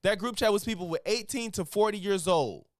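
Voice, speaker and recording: A man's voice: sits high, fairly quick, dry recording, clean studio sound. A man streaming a reaction to a clip, arguing back at it and questioning what he hears. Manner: animated, argumentative, talks back at the clip. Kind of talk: reaction commentary.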